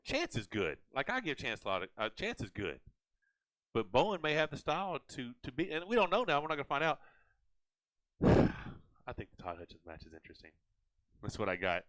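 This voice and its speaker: A man hosting a casual live chat, animated and rambling with frequent restarts. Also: medium pitch, brisk, dry recording, low-quality recording. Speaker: host.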